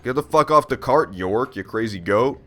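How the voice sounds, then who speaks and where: A man's voice: mid-range voice, expressive, normal speed, bright, forceful tone. A man giving casual gameplay commentary on a stream, joking and swearing as he reacts aloud to the game. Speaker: let's play streamer.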